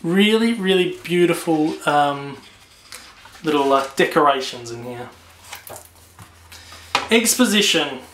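A man's voice: on the high side, steady tone, unhurried, a bit bright, echoey room, slight background noise. A man with an Australian accent casually reviewing books on video, enthusiastic and prone to repeating words. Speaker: book reviewer.

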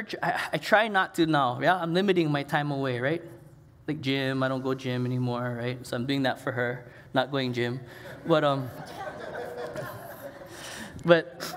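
A middle-aged man delivers a sermon in a chatty, storytelling way, full of casual asides. His voice sits fairly high for a man. A long reverb trails his words through a church sanctuary. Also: fairly bright tone. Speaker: pastor.

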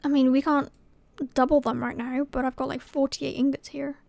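A woman's voice: high voice, flat delivery, moderate pace, vocal fry, a little mellow, no echo. A woman from Scotland commentating her gameplay casually, muttering to herself and often dropping to a whisper. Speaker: gaming channel host.

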